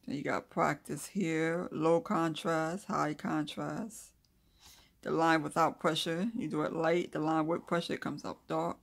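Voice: medium pitch, flat delivery, measured pace, creaky. An adult host giving a casual calligraphy tutorial, reading notes aloud and then chatting loosely while demonstrating, with mumbled asides while drawing. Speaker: craft video host.

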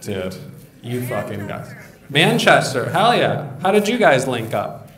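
A man's voice: medium pitch, big pitch swings, measured pace, a bit bright. A male stand-up comedian doing crude, teasing crowd work, riffing off people in the audience. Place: live comedy venue. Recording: echoey room with crowd. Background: audience laughing.

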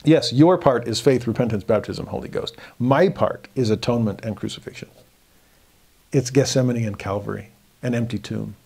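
A man teaching a verse-by-verse scripture study in a reflective, earnest way, dropping to soft emphasis on key points. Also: mid-range voice, moderate pace, creaky, breathy edge.

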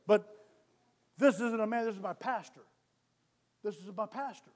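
High-voiced man preaching with mounting fervor. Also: moderate pace, pauses often. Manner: repetitive, calls for amens, builds to loud exhortation. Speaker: lay preacher. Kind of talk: sermon. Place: church sanctuary.

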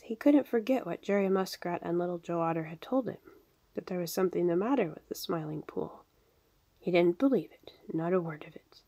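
Husky-voiced woman reading a storybook. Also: on the low side, dark tone. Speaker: reader. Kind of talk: storybook narration.

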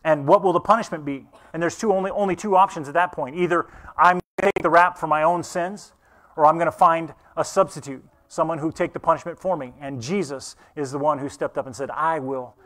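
A middle-aged man preaching a sermon as pastor, animated and acting out voices in his stories. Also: on the high side, a little fast.

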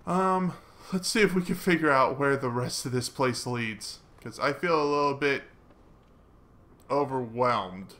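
A man chats his way through a video game, half to himself and half to his viewers. His voice is bright and forceful at an ordinary pitch, and he mocks his own mistakes before swearing loudly when something catches him off guard. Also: unhurried. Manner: chatty, self-mocking, bursts of excited swearing. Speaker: gaming let's player. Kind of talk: casual gameplay commentary.

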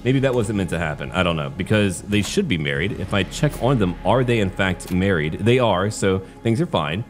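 A man with a low, deep voice talks through a strategy game in a wry, chatty way, tossing in small jokes. Soft music plays faintly beneath him. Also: animated, normal speed. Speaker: game streamer. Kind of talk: let's-play commentary.

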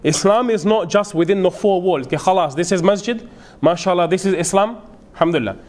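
A man's voice: high-pitched, fairly quick, darkish tone. A man giving an earnest, emphatic sermon-style lecture as a madrasa teacher, mixing in Urdu and Arabic phrases. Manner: earnest, emphatic, switches between English and Urdu with Arabic quotations.

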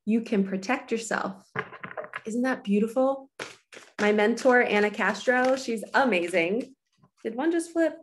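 A woman's voice: fairly high pitch, lively intonation, measured pace, a little hiss or hum. A woman spiritual coach giving an earnest, nurturing talk to her viewers from her apartment, casual and direct. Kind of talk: casual motivational monologue.

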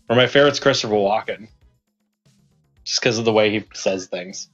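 A man's voice: lowish voice, unhurried, a bit bright, dull audio, soft background music. A young man co-hosting a podcast in casual chat, rambling and laughing often. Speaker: podcast co-host.

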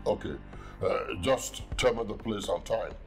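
A man's voice: on the low side, over music, close to an everyday voice. An actor playing a stern middle-aged father who bargains with his daughter's kidnapper in a film drama. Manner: stern, measured, commanding. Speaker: wealthy father.

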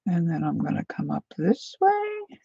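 A woman's voice: fairly low pitch, huge pitch swings, unhurried, gravelly, warm tone, slightly rough, no echo, highs cut off. A woman hosting a casual painting tutorial, chatty and often drifting into side stories as she works.

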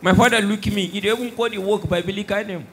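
A young Nigerian man doing stand-up comedy, mixing Pidgin and English and shouting his punchlines. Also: sits high, steady tone, quick pace, slight background noise.

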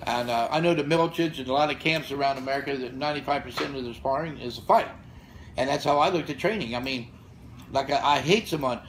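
A man in his sixties who founded a gym trades blunt, profane stories as a guest on a casual podcast, clearly fired up. He talks quickly in a mid-range voice, and the low-quality recording has slight background noise and gym or studio room ambience.

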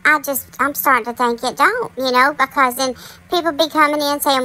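A woman's voice: sits high, a little fast, bright, forceful tone, low-quality recording. A woman hosting a casual commentary monologue, chatty and talking straight to her viewers. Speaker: commentary channel host.

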